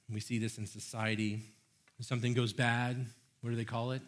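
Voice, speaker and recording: A man preaching a sermon as pastor, animated and earnest, acting out excited praise and restarting his phrases. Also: medium pitch, a little fast. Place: church.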